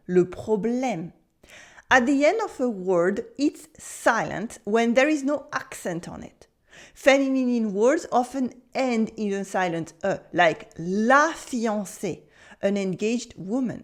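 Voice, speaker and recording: A woman from France gives a pronunciation lesson in English with a French accent, her voice on the high side. She enunciates slowly and carefully and asks the listener to repeat after her.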